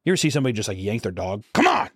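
A man's voice: on the low side, animated, rapid-fire, breathy edge, dry recording. A young man co-hosting a podcast, chatting casually and acting out voices in his stories. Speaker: podcast co-host. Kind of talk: casual comedic chat.

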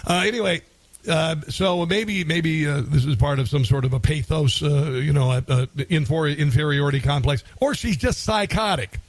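A man's voice: fairly high pitch, normal speed. A man hosting a radio talk show, commenting sarcastically and rambling with fillers.

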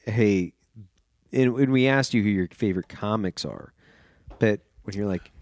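A man's voice: unhurried, long pauses, no echo. A man co-hosting a casual podcast chat, speaking emphatically and swearing freely. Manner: profane, emphatic, jumps between high and low.

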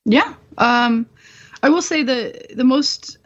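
A woman's voice: high voice, slow, lo-fi sound. Blunt, profane woman telling war stories. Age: 20s. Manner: blunt, profane, laughing through dark stories. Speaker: guest, former bomb disposal technician. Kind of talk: candid storytelling interview.

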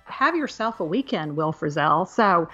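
A woman's voice: on the low side, animated, measured pace, pushed and bright, slightly rough, muffled recording, faint music behind. Emphatic middle-aged woman podcast host. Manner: emphatic, repeats herself for effect. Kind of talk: casual chat.

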